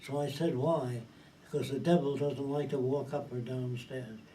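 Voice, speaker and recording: In a mellow, medium-pitched voice with fairly even intonation, a man lectures a small group informally at a moderate pace. He's emphatic, blunt and profane, often asking whether everyone gets it. A far-off mic picks him up over faint hiss.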